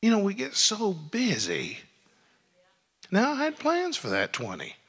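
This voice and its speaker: A preacher man with a high, bright voice tells homespun stories from the pulpit, then rises into loud, fervent preaching. His words ring out with a long reverb in a church sanctuary. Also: huge pitch swings, measured pace, husky. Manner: folksy storytelling, builds to loud preaching. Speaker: pastor. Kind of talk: sermon.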